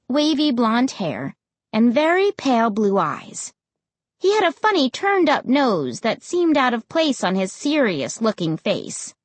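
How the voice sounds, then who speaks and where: A woman reading a children's story aloud, slow and unhurried with a breathy voice. Her pitch moves a lot as she reads expressively, and the recording is dry and close. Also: no echo. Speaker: audiobook narrator. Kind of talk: scripted narration of a children's story.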